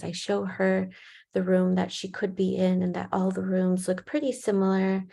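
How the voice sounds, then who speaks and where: Woman, gravelly, flat delivery, calm measured case presenter. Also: mid-range voice. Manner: calm, measured storytelling with soft fillers. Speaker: perinatal mental health clinician.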